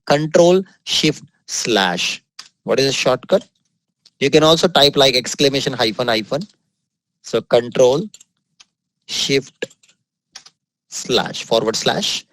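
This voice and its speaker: A man with an Indian English accent teaching a coding lesson over his screen, upbeat, sprinkling in words of praise and repeating the key points slowly. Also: mid-range voice, fairly bright tone, no echo, poor audio. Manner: upbeat, drops frequent exclamations of praise. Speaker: software trainer. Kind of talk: screen-recorded coding tutorial.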